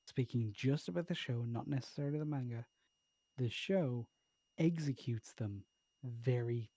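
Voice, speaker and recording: A man's voice: mid-range voice, mellow, breathy edge, no echo. An Irish man co-hosting a podcast, chatting casually, blunt and swearing freely. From Ireland. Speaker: podcast co-host. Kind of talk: casual chat.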